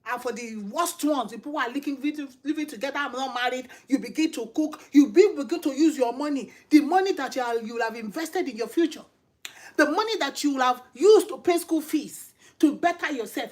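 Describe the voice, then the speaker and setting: A woman's voice: sits high, expressive, normal speed, darkish tone. A middle-aged woman with a Nigerian accent, preaching informally and emphatically, firing off repeated rhetorical questions. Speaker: channel host and lay preacher.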